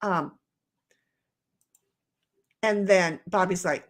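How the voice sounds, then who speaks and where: A woman's voice: medium pitch, lively intonation, measured pace. A woman hosting a casual livestream, reading chat messages aloud in playful voices and rambling with many restarts while she paints.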